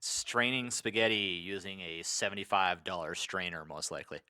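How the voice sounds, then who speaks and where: Rambling man telling animated anecdotes. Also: deep voice, moderate pace, smooth. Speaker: podcast co-host. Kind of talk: casual chat.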